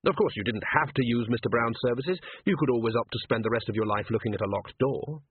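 A man narrating an audiobook in a measured, dry storytelling manner. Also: medium pitch, no room sound. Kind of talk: scripted narration. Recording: thin phone-like, dry, husky audio.

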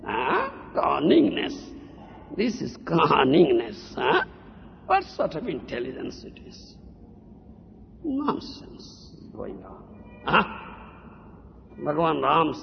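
A man's voice: a little high, wildly swooping pitch, takes it slowly, vocal fry, long pauses, a little hiss or hum. A man giving a devotional lecture, scolding his listeners and mocking their excuses, often asking "huh?" between points. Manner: scolding, mocks a disciple's excuses in a put-on voice, keeps asking "huh?". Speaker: spiritual teacher. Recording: dull old tape in a reverberant hall.

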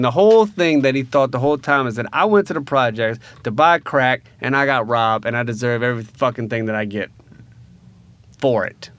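This man from Louisiana tells a story in casual conversation, animated and full of profanity. His mid-range voice drops into hushed asides, then climbs into loud rants. There's no echo on the recording.

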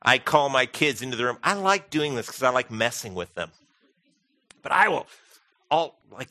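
A man preaching a sermon as pastor, animated and humorous, acting out quoted voices. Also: mid-range voice, normal speed, no echo.

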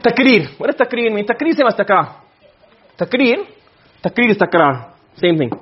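A man's voice: high voice, big pitch swings, moderate pace, lo-fi sound. A man teaching a class on Arabic grammar, quizzing his students with frequent questions.

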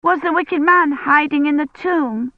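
A woman voicing a curious, eager little girl in an audiobook, with a high, questioning voice. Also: unhurried, no room sound, narrow, tinny audio.

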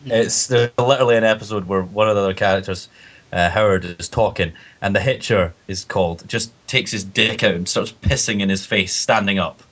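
Relaxed lower-voiced man chatting. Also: brisk. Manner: relaxed, steers the talk, laughs easily. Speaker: podcast co-host. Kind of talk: casual chat. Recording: dull lo-fi audio.

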